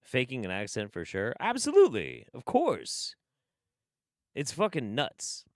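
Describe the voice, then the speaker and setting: Sarcastic, animated man, dry close mic. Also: medium pitch, measured pace, no echo. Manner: sarcastic, swears a lot, laughs often. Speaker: streamer reacting to clips. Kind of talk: casual profane commentary.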